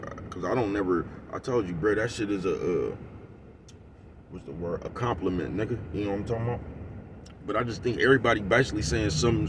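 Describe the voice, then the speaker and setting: A man with a lowish voice rants at a rapid clip, rambling in thick slang and breaking into laughs. He sits in a vehicle some way from the mic, with a faint hum of the road behind him. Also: distant mic. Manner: rambling, heavy slang, keeps asking "you know what I'm talking about"; laughs often, gets loud and heated. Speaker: vlogger. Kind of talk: casual rant to camera.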